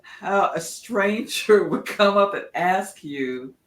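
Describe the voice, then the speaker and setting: A woman's voice: medium pitch, lively intonation, slow pace. A middle-aged woman co-hosting a casual chat, asking curious questions and reacting with laughter. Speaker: co-host. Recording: roomy echo with faint noise.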